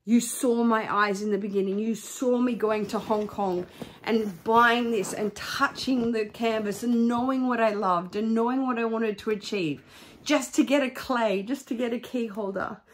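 A woman's voice: fairly high pitch, steady tone, normal speed, a little hiss or hum. A middle-aged woman vlogging, talking emphatically and getting heated. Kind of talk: candid vlog rant.

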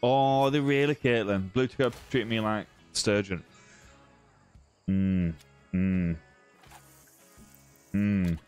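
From a room at home, a southern English man hosts a live gaming stream, reading comments aloud and teasing viewers with lots of "mate" and "bro" and some restarts. His low, easygoing voice is clear and resonant, fairly even in intonation, slow, with long pauses, over soft background music.

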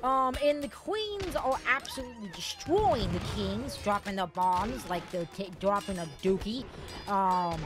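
A woman giving excitable, foul-mouthed commentary on her gameplay, prone to outbursts. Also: mid-range voice, unhurried, faint music behind. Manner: excitable, swears freely, bursts into shouts and laughter. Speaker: gaming channel host.

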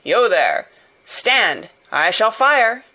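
A woman voicing a gruff, wary male coach guard who growls and shouts commands in an audiobook reading. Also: medium pitch, lively intonation, normal speed, rough recording. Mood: commanding. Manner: loud, barking commands. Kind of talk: audiobook character voice.

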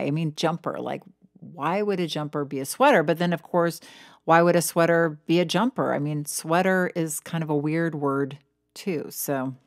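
A woman's voice: low-pitched, no echo, clean studio sound. A middle-aged woman hosting a casual solo podcast as a weight loss coach, chatty and self-deprecating, laughing at herself.

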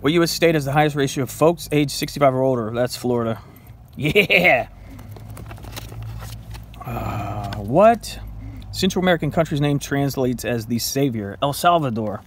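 A man's voice: mid-range voice, brisk. Playful man quizzing himself, faint noise. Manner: playful, self-mocking, talks to his dog. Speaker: vlogger. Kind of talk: casual trivia self-quiz while eating.

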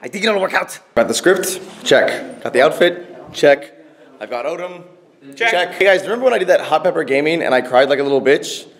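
A man's voice: fairly high pitch, expressive, fairly quick. A young man hosting a casual behind-the-scenes vlog, joking as he narrates. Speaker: vlogger.

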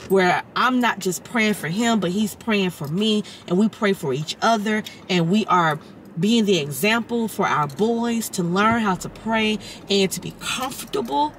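A woman in her thirties talking to camera in a casual vlog, earnest when she reflects and excited, half whispering, when she shows things. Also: medium pitch, slight background noise, rough recording. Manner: earnest, faith-filled reflection; excited, partly whispering show-and-tell. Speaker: vlogger.

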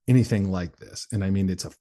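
A man's voice: low voice, fast talker, warm tone. A man, a motivational speaker and interview guest, telling his personal story in a candid, blunt, plain-spoken way with the odd swear word.

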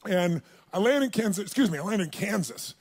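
High-pitched, animated male seminar speaker. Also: fairly quick. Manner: animated, acts out dialogue, calls on the audience. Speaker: motivational speaker. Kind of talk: storytelling seminar talk to a live audience.

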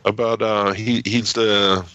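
A man co-hosting a podcast, chatting casually in a halting way, repeating words and filling pauses. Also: fairly low pitch, flat delivery, sharp tone, no room sound. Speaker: podcast co-host. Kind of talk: casual chat. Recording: dull, dry lo-fi mic.

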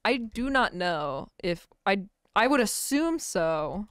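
A woman's voice: medium pitch, very animated, takes it slowly, a bit bright, clear, resonant tone, no room sound. A young woman co-hosting a college radio show, talking casually with a dry, teasing wit. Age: young adult. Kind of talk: casual chat. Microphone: studio microphone.

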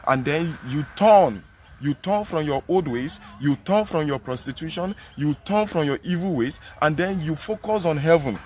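A man's voice: fairly high pitch, lively intonation, normal speed, a little mellow. A man with a Nigerian English accent preaching a sermon outdoors, earnest and emphatic, repeating his phrases.

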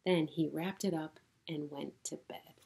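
A middle-aged woman pastor reading a children's story aloud in a gentle storytelling manner. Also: low-pitched, steady tone, vocal fry. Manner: gentle, slow, warm storytelling.

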